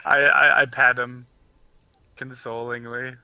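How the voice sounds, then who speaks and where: A man's voice: mid-range voice, flat delivery, slow pace, clean tone, no room sound, lo-fi sound. A young man playing a character in a casual tabletop role-play, playful and giggly. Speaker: player.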